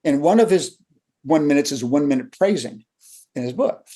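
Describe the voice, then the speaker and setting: An older man, a leadership coach, talking through lessons in a relaxed interview and acting out the people in his stories. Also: on the high side, normal speed. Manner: animated storyteller who acts out quotes. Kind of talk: conversational storytelling.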